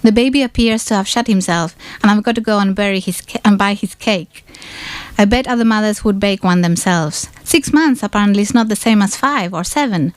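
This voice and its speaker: A woman reading a novel excerpt aloud at a bookshop event, in a measured, deliberate first-person delivery. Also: medium pitch, no room sound.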